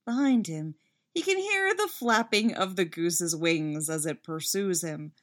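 A woman reading a fan story aloud with lively, expressive narration. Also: fairly low pitch, moderate pace. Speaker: fanfiction reader.

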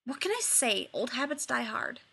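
A woman's voice: a little high, sing-song, normal speed, creaky, sharp tone, husky, exaggerated voice. A woman reading a story aloud, voicing a laid-back, wry male military officer with a dry, defensive manner.

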